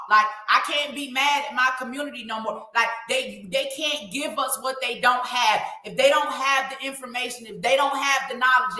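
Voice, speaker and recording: A woman's voice: a little high, bright, forceful tone. A woman hosting a live online show, speaking in an emphatic, preachy way and calling out to her viewers. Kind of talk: impassioned livestream commentary. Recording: echoey room.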